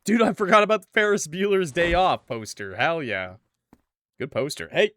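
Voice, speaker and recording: A man's voice: a little high, lively intonation, normal speed, pauses often, a bit bright, dry recording. Man streaming a game, rambling and joking. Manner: rambling, joking, reads game narration aloud. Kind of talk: casual livestream commentary and reading game text. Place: home room with a PC. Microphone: desk mic with noise suppression.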